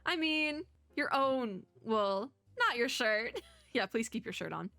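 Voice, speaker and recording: Woman, gameplay commentary, giggly and animated, bright tone, dry close sound. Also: a little high, slow pace, dry recording. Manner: giggly, animated, reads dialogue aloud. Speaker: game streamer.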